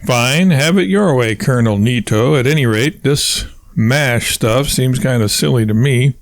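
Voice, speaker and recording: A man voicing an unimpressed wife who answers flatly and sarcastically. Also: mid-range voice, unhurried, no room sound, clean studio sound, lightly acted. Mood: deadpan. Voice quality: flat, sarcastic delivery. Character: dry, flat, sarcastic wife.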